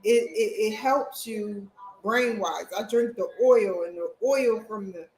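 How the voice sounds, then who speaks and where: A woman's voice: medium pitch, slow pace, a little mellow. Woman, vlogger, rambling casual chat, echoey room, faint background noise. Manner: rambling, chatty, talks straight to viewers. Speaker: vlogger, college student. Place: at home, indoors.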